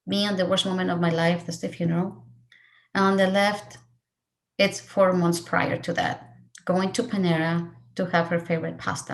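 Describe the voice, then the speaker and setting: Emotional woman sharing a personal loss. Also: fairly low pitch. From Mexico. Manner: earnest, emotional, voice rising and falling with feeling. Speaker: speaker sharing her story.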